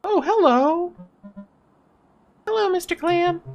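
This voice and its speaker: A woman voicing an eager, chatty six-year-old girl in a game, speaking in a bubbly, excited way. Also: extremely high pitch, takes it slowly, muffled recording, soft background music, voice pushed up, full character voice. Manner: excited, bubbly, broken grammar when reading. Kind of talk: voice-acting a game.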